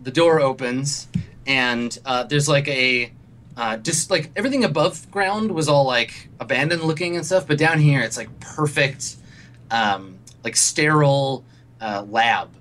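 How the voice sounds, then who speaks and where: A man acting as game master, narrating a tabletop scene. He rambles casually, piling on fillers and restarts. His voice sits at an everyday middle pitch. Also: a little slow, fairly bright tone.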